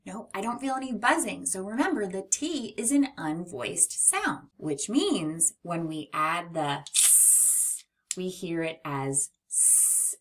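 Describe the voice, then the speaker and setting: A woman teaching a children's phonics lesson, sounding out letters slowly and with exaggerated care. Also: mid-range voice, animated, sharp tone.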